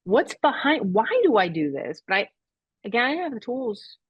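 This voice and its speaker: A middle-aged woman telling her personal story as a podcast guest, reflective and halting, with tearful moments. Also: fairly high pitch, big pitch swings, breathy edge, muffled recording.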